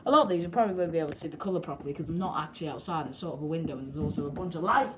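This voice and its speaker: A young woman chats cheekily to her camera in a living room, her voice sitting a touch low. She rambles with plenty of ums and asides. The home recording is noisy, with clicks behind her voice. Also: racing. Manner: chatty, rambling, cheeky, many fillers. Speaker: channel host. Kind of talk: casual live commentary. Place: indoor living room by a window. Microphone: handheld camera.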